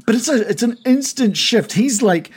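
A man's voice: very high voice, lively intonation, normal speed. A man running a tabletop game as game master, narrating in a rambling, giggly way with many fillers.

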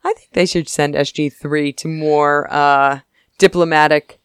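Giggly rambling woman, smooth dry voice. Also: deep voice, fairly even intonation, no echo. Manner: giggly, rambling, puts on quick character voices. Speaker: podcast co-host. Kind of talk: casual chat recapping a TV episode.

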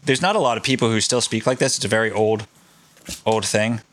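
Profane, excited male podcast storyteller. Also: on the low side, fairly quick. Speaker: podcast host. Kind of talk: casual storytelling chat.

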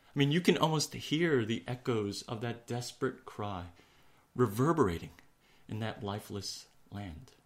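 A man preaching a sermon in an earnest way, slowing for emphasis and sinking to a hush on key words. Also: mid-range voice. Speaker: pastor.

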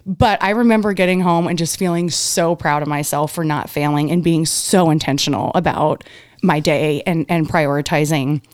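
A woman's voice: deep voice, moderate pace, no room sound, studio quality. A woman in her thirties telling a personal story in a casual podcast chat, acting out quotes with laughs and the odd swear. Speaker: guest.

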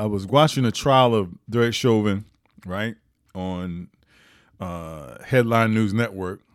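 A man hosting a podcast, giving opinionated year-end commentary with emphatic delivery and sudden high rises on stressed points. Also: no echo, studio quality. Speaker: podcast host.

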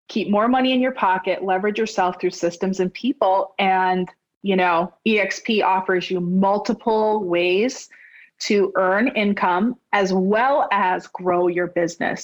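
A woman in her forties, a real estate business owner, telling her story as a podcast guest in a chatty, expressive way, acting out the voices of the people she quotes. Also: dull audio. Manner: chatty and expressive, acting out quoted dialogue with big pitch jumps. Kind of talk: animated storytelling in a conversational interview.

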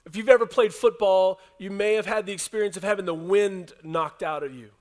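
A pastor delivering a casual, story-driven sermon to his church. His voice sits high for a man, and he shifts easily between lively telling and soft, hushed emphasis. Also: fairly quick. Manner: conversational preaching, dropping to a soft hush for emphasis. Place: church service with a congregation.

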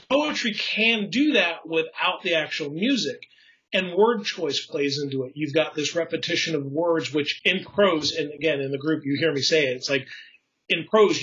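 A man's voice: fairly high pitch, bright, forceful tone. A man with a somewhat raised voice chats about poetry in a loose, rambling way, full of fillers and restarts. He chuckles at his own slips and drifts into tangents. The sound is a bit dull and lo-fi. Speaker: poetry enthusiast explaining craft. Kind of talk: casual conversational explanation.

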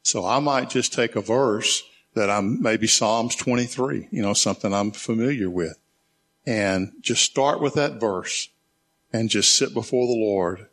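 A man leading a church small group, teaching in a conversational way, reading scripture slowly and reflectively, and inviting questions. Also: lowish voice, fairly bright tone.

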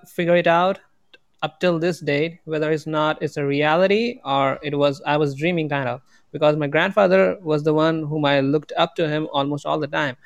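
A man from India calls into a podcast, pausing as he searches for the right words. His voice sits fairly high with a gravelly fry. The sound is dry and close. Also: no room sound. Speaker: caller. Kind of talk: casual call-in chat.

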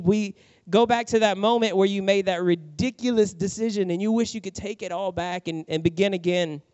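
A middle-aged male preacher tells a personal story in his sermon, acting out the voices in the tale. His voice sits a little high for a man. The sound is dry and somewhat muffled. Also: fairly quick, dry recording. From New Orleans, USA. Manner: animated storyteller, acts out quotes. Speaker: pastor.

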